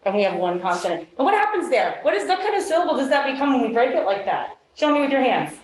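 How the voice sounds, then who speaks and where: A woman teacher leading a classroom phonics demonstration with brisk quizzing questions and quick praise. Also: sits high, sing-song, a little hiss or hum. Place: meeting room. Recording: echoey room.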